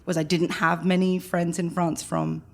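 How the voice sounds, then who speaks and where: Woman, London accent, gravelly voice, lowish pitch, lively interview chat. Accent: London English. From London, England. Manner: animated, laughs often, rapid bursts. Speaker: guest, chamber engagement director.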